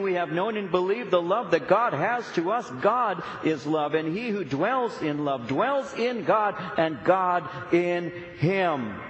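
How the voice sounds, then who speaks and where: A man's voice: sits high, fairly bright tone. Emphatic preaching man in an echoey hall. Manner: earnest, emphatic preaching with repetitions. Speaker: pastor. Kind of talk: sermon. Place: church sanctuary. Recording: echoey, dull church recording.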